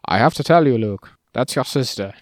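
A man's voice: mid-range voice, expressive, a little fast, dry recording, studio quality, natural voice. A man voicing a ghostly old male mentor in a jokey, mock-solemn parody.

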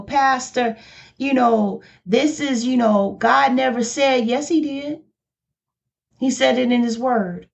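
A woman pastor preaching a sermon, slow and emphatic, declaring each point firmly. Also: medium pitch. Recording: dull lo-fi recording.

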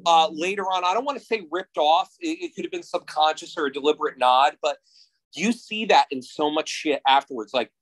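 A man in his thirties from New Jersey, a podcast guest telling stories in a casual, excitable and profane way. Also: a little high, brisk, poor audio. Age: 30s. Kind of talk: casual chat.

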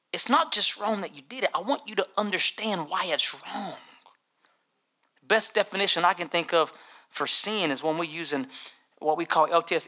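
Bright-voiced preaching man. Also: fairly high pitch. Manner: humorous, animated storytelling with repeated words. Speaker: pastor. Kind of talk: storytelling sermon.

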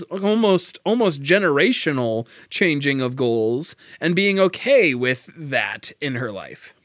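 High-voiced laughing man in dry room. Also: fairly bright tone, dry recording. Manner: enthusiastic, laughs often, stumbles and restarts. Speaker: podcast co-host discussing a play. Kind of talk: casual analytical chat.

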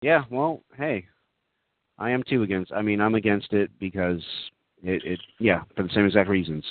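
A man's voice: on the low side, moderate pace, no room sound. A man hosting a casual call-in talk show, rambling loosely with many fillers. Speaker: host. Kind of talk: casual radio chat. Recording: dry, phone-like sound.

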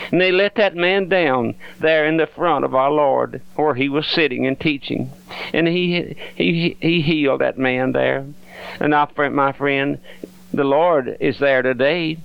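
A man's voice: medium pitch, creaky, clear, resonant tone, dull audio. A man preaching a radio sermon, earnestly pleading with listeners and addressing them directly as his friends.

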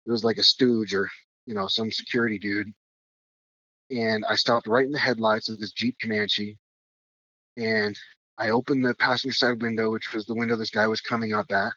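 A man's voice: fairly low pitch, flat delivery, moderate pace, sharp tone, no room sound, muffled recording. A man recounting a strange experience as a podcast guest, rambling with many fillers and restarts. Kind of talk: casual storytelling.

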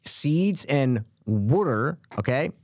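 A young man co-hosting a podcast, telling stories in a casual, animated way and swearing freely. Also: medium pitch, slow pace, dry recording, studio quality. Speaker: podcast co-host. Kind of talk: casual chat.

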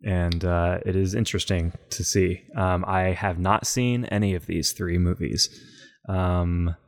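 A man co-hosting a casual podcast, speaking in an easygoing, measured way with some fillers. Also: sits low, steady tone. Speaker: podcast co-host presenting films.

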